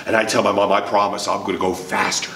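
A man's voice: on the low side, little pitch movement, quick pace, a bit bright, slight background noise. A man leading a children's music lesson, telling a playful story and calling out to the kids. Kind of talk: sing-along lesson for kids. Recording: roomy, distant mic with guitar.

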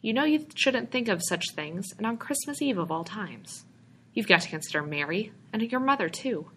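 A woman's voice: medium pitch, animated, normal speed, fairly bright tone, a little hiss or hum, pitched above the performer's own voice, natural voice, rough recording. A woman reading aloud, voicing a little middle-aged male stranger who is a patient, coaxing brush peddler.

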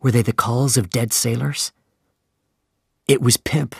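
Guy reading a simple storybook really slow, gravelly voice, dry sound. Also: medium pitch, steady tone, dry recording. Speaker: narrator. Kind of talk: graded reader audiobook narration.

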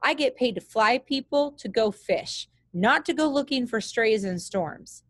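A woman reading a gruff bush pilot man. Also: a little high, expressive, unhurried, no room sound, clean studio sound, voice pushed up. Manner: curt, grudging replies.

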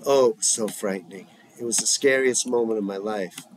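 A man voicing a young woman in therapy, defiant and shaken, read softly from a script. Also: fairly low pitch, normal speed, a little hiss or hum, natural voice, low-quality recording. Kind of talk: reading a script aloud.

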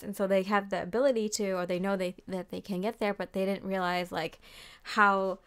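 A woman's voice: mid-range voice, level tone, fairly quick, hardly any pauses, clean tone. A young woman giving a casual tarot reading, chatty and full of fillers, often acting out what people might say. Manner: chatty, lots of fillers and quoted voices. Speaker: tarot reader.

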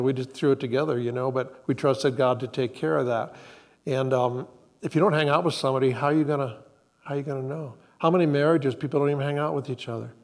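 Calm reflective older man preaching. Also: mid-range voice. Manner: calm, reflective, halting storytelling. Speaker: co-pastor. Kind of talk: conversational sermon. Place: church sanctuary.

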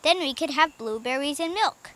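A woman voicing a kind, motherly older sister who speaks gently and reassuringly. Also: sits high, lively intonation, normal speed. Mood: gentle.

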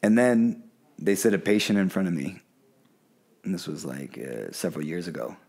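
Podcast guest, male, very low voice, earnest storyteller. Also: moderate pace, vocal fry, a little mellow, husky. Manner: candid, earnest, acts out quoted voices. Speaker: podcast guest, plant medicine guide. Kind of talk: casual storytelling in an interview.

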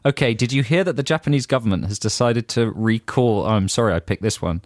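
A man's voice: lowish voice, fast, darkish tone, dry recording. A man co-hosting a radio show, reading out listener jokes in casual banter with a dry, playful, giggly manner. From England. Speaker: radio co-host. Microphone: studio microphone.

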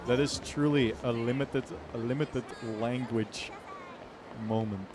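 A man's voice: medium pitch, fairly even intonation, takes it slowly, background noise. Goofy self-mocking gamer guy. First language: Dutch. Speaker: game streamer. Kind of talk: casual let's-play chat. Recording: game music playing behind.

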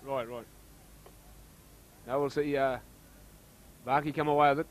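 An Australian man giving casual, chatty commentary on a local rugby league match, getting excited when play heats up. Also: medium pitch, measured pace, rough recording.

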